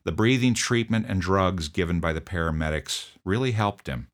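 A man narrating a first-person account of an emergency call, in a steady, measured telling. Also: sits low. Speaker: first responder recounting a call.

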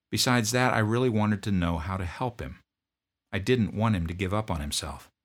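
A man who served as a drill sergeant, telling a story from his service in a gruff, blunt way. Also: sits low, fairly bright tone. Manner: gruff, barking commands when quoting himself. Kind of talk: storytelling narration.

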